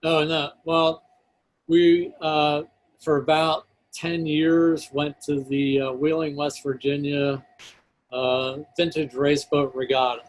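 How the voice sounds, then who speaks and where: A man's voice: a little high, flat delivery, slow, low-quality recording. A man appearing as a guest on a talk show, earnestly telling a personal story in vivid detail.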